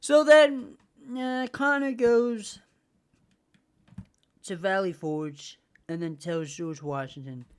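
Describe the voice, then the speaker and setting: A woman hosting a casual podcast rant. She talks slowly, at a mid pitch, repeating herself and swearing freely. Her tone is heated and opinionated throughout. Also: slight background noise. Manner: heated, profane, repetitive. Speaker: podcast host.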